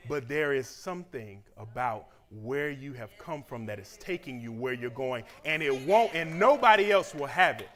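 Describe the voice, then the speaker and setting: A man from Southeast Georgia, giving a lively, conversational motivational speech at a church graduation celebration. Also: mid-range voice, normal speed, hardly any pauses. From Southeast Georgia, USA. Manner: animated and conversational, acting out quoted voices.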